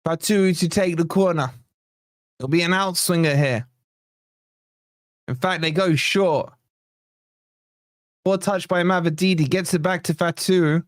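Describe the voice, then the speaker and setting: A man hosting a live watch-along, calling the match play by play and chatting to viewers in an excitable way, his voice a little strained. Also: high voice, unhurried, long pauses, dry recording, studio quality. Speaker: fan channel host.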